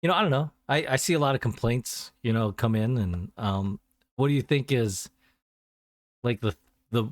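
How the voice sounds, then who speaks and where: A man's voice: mid-range voice, moderate pace, no echo, studio quality. Rambling man in casual podcast chat. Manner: rambling storyteller, acts out callers in a raised voice. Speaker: podcast co-host.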